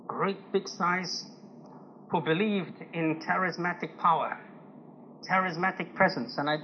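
A man preaching a conversational sermon to a congregation, telling personal stories gently and with humor, chuckling now and then. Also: fairly high pitch. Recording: dull lo-fi recording with faint noise.

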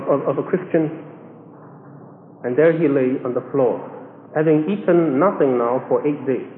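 A man with a high voice tells a sermon story with animated delivery, acting out the people he quotes. The sound is thin and phone-like, caught in a big echoing hall with long reverb. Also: slight background noise. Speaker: preacher. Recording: echoey hall, phone-like band.

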